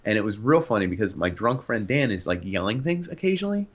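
A young man tells stories on a casual podcast, his low voice rising and falling as he acts out the people in them. The recording sounds dull and lo-fi. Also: fast. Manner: animated, acts out voices in anecdotes. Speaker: podcast co-host. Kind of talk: casual storytelling chat.

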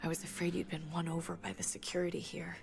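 An actress voicing a frightened, injured woman survivor in a zombie video game, speaking urgently and often in a hushed voice. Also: on the low side, flat delivery, quick pace, creaky, soft background music. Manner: urgent, fearful, often whispered.

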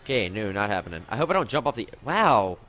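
Young guy doing gameplay commentary, gets excitable and whiny, faint gunfire in the background. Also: lowish voice, quick pace, a little hiss or hum. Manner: excitable, yelps and complains at the game. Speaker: gaming commentator.

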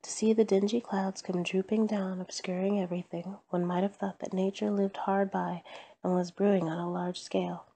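A woman reading a classic story aloud at bedtime, calm and measured. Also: medium pitch, slight background noise.

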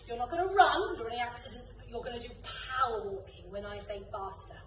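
A young woman teaching an online children's drama and dance class, calling out game commands loudly and brightly. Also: fairly high pitch, lively intonation, a little fast, slight background noise. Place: dance studio room. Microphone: camera from a distance. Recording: echoey room, voice from far off.

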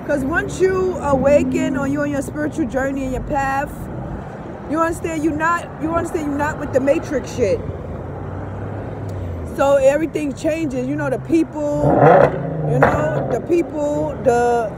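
A woman's voice: sits high, unhurried. A woman talking casually to her viewers in a rambling vlog, cursing freely and constantly asking if they understand, recorded outdoors by a street. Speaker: vlogger. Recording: street noise behind the voice. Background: passing traffic and car engine noise.

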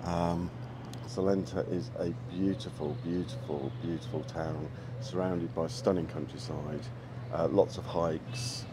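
A man's voice: low-pitched, steady tone, measured pace. A man chatting in a travel vlog, enthusiastic but hesitant, full of ums and repeated words. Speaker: travel vlogger. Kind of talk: casual travel vlog chat. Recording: background noise.

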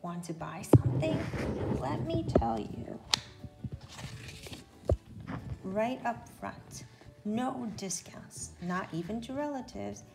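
A woman voicing a loud, pushy, boastful male mouse shopkeeper in a storybook read-aloud. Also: medium pitch, animated, normal speed, vocal fry, loud music behind the voice. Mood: brash. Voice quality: brash, shouting. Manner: boastful bargain talk.

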